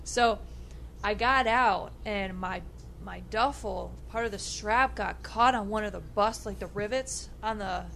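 A young adult woman co-hosting a podcast, telling a story in casual chat, animated and laughing with lots of "like" fillers. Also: medium pitch, measured pace, vocal fry, slight background noise. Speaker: podcast co-host.

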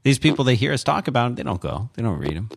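A man's voice: mid-range voice, sing-song, fast talker, gravelly, a little hiss or hum. A man co-hosting a podcast who gives short, dry, teasing replies in casual chat. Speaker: podcast co-host.

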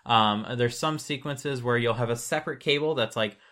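A man's voice: medium pitch, moderate pace, fairly bright tone. A man casually explaining how data is sent over cables, patient and chatty, with many fillers.

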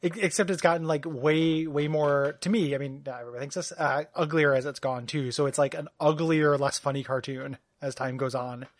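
Chatty man with a fairly high, dry voice. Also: steady tone, fairly quick, few pauses, dry recording. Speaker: podcast co-host. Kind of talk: casual podcast chat.

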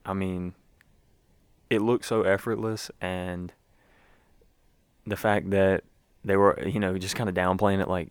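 A man's voice: low-pitched, flat delivery, a little slow, long pauses, clean tone, dry recording, clean studio sound. A young man giving a rambling, casual recap as a sports fan, with lots of fillers and restarts.

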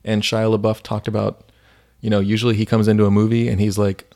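A man's voice: lowish voice, monotone, fast, creaky, hardly any pauses, mellow. A man co-hosting a faith podcast, chatting casually and retelling stories with many fillers. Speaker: podcast co-host.

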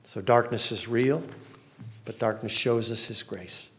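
A man's voice: medium pitch, measured pace. A male pastor preaching a sermon in an earnest manner, reading laments with rising passion.

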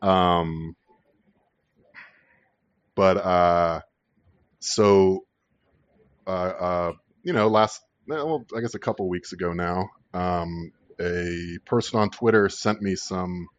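A man's voice: low-pitched, slow, long pauses, no echo, muffled recording. A man in his thirties casually telling a rambling personal story, swearing freely and laughing at his own tale.

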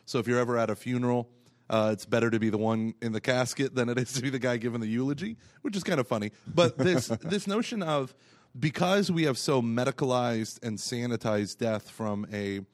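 A man banters as co-host of a church podcast, teasing his partner and laughing through his lines. His voice sits at a middle pitch. It is recorded close and dry, with no room sound. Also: brisk, no echo. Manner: jokey, laughs often, teasing. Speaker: podcast co-host, parish evangelization coordinator. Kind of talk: casual chat.

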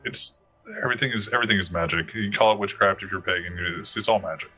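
A man's voice: lowish voice, fast talker, bright, forceful tone, slightly rough. A man running a tabletop game as game master, rambling with many fillers and restarts. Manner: rambling, hesitant, full of fillers.

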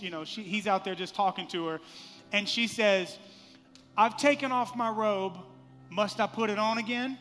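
A man preaching a sermon as pastor in a church, animated, acting out scripture lines with playful voices. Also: high-pitched, normal speed, in a large hall, faint music behind.

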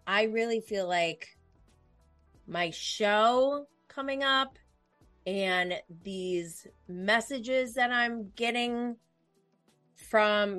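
A young adult woman hosting a solo podcast, talking casually into a microphone, excitable and emotional, rambling with fillers. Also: mid-range voice, no echo. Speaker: podcast host.

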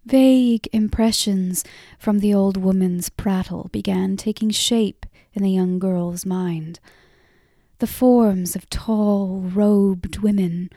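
A woman narrating a fantasy audiobook in a measured, softly drawn-out storytelling voice on a close mic. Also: mid-range voice, no room sound. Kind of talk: scripted narration.

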